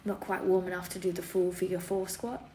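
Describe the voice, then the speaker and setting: A woman yoga teacher guiding a class in a playful put-on Australian accent, relaxed and encouraging with lots of slang. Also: on the low side, brisk. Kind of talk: guided yoga class instruction. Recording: roomy echo, faint room hiss.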